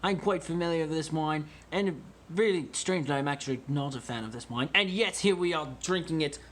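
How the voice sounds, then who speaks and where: A man hosting a casual wine-tasting vlog at home in a deliberately put-on British accent, joking and rambling about himself while recording on a phone. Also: a little high, fairly bright tone, a little hiss or hum. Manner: jokey, rambling and self-mocking.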